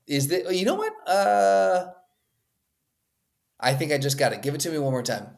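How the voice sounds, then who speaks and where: A man's voice: on the high side, very animated, normal speed, vocal fry, a little mellow. A man co-hosting a podcast in casual chat, enthusiastic and thinking aloud as he guesses. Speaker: podcast co-host.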